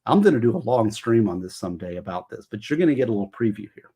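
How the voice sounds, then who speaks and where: Husky man chatting on a livestream. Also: lowish voice, lively intonation, fast, mellow. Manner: rambling, emotional, explains law. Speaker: livestream host. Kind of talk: casual livestream talk.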